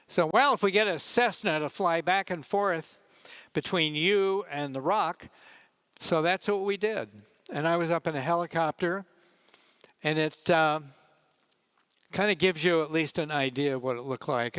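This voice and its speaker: An older man giving a conference talk as a photojournalist, telling wry, relaxed anecdotes about his pictures with asides to the audience. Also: fairly high pitch, clean tone, no echo.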